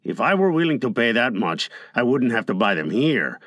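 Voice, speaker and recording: A shrewd older village uncle who bargains in a calm, dry, businesslike manner, as a man acts him out. His speech drops low and measured. The sound is close and dry. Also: dry recording.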